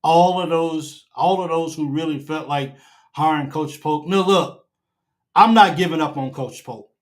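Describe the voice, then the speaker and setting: A high-pitched man hosts a fan reaction show. He hammers his points with preacher-like repetition and climbs toward a shout. He speaks into his own camera setup. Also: measured pace. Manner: emphatic, preacher-like repetition, rising to near shouting. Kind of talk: casual sports reaction chat. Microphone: own camera setup at home.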